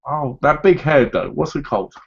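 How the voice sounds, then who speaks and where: A man's voice: on the high side, normal speed, creaky, breathy edge. A man chatting casually, telling rambling, jokey stories and losing his words. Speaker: co-host. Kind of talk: casual chat. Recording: slightly dull lo-fi sound.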